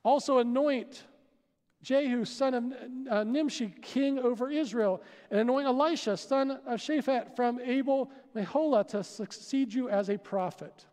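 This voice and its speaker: A man preaching a sermon as pastor, animated and putting questions to his listeners. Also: extremely high pitch, measured pace. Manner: animated, asks the crowd questions. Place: church sanctuary. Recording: long hall reverb.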